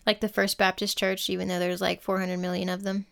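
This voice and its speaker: A woman's voice: medium pitch, level tone, fairly quick, creaky, fairly bright tone. A woman co-hosting a casual history podcast, reading out prepared facts and then cracking dry jokes. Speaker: podcast co-host.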